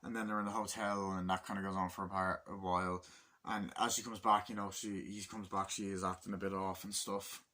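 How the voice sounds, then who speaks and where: A man's voice: low voice, flat delivery, a little fast, pushed and bright, a little hiss or hum. A young man casually retelling a film's plot in a loose, rambling review, swearing freely and jumping into the characters' lines. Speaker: movie reviewer. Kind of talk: casual spoken film review.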